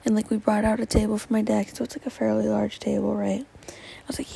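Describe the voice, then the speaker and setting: Gravelly teen girl rambling softly. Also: medium pitch, flat delivery, fast, a little hiss or hum, rough recording. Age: teens. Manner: rambling, many fillers, often dropping to a whisper. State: tearful. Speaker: podcast host. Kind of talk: solo podcast chat.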